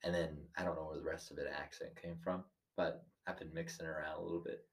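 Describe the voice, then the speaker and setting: Laid-back young man with a deep husky voice. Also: little pitch movement, fast. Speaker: podcast co-host. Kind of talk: casual chat.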